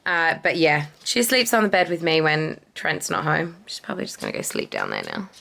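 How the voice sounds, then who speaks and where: Young woman, casual home vlog, chatty, affectionate, slightly low voice, camera resting on a bed. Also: huge pitch swings, brisk, gravelly, fairly bright tone. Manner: chatty and affectionate, coos at her dogs. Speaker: vlogger introducing her dogs. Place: home, indoors.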